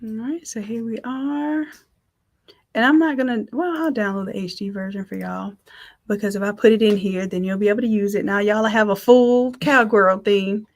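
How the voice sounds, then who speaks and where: A woman's voice: medium pitch, fairly even intonation, moderate pace. A woman teaching a live design class, talking in an upbeat, chatty way and thinking aloud as she works. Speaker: design instructor. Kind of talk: live software tutorial.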